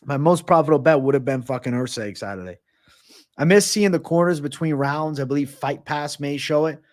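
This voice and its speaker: Casual profane male livestream host. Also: a little fast. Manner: reads chat aloud and answers in a loose, profane, joking way; trails off low and quiet at the ends of answers. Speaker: livestream host answering viewer questions.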